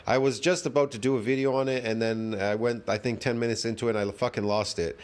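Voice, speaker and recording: A middle-aged man hosting a reaction video, talking casually with sarcasm, rambling and trailing off into low mutters. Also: flat delivery, fast talker, smooth.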